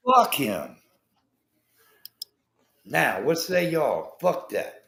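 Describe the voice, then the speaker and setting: A man's voice: a little high, sing-song, slow pace, vocal fry, long pauses, fairly bright tone. A man hosting a livestream, ranting heatedly about politics with constant swearing and talking to his chat viewers. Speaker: livestream host. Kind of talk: profane political rant on a livestream.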